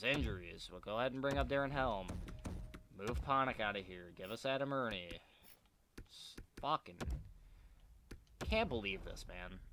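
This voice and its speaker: A man's voice: medium pitch, pushed and bright, a little hiss or hum. A man giving casual commentary while playing a hockey management game, frustrated and swearing, muttering to himself at his desk. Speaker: gaming video creator.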